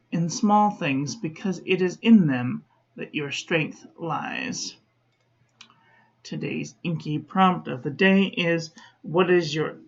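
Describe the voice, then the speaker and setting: A woman calmly reviewing fountain pen ink in a chatty vlog, often correcting herself as she talks to her viewers. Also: sits low, muffled recording. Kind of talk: unhurried product review.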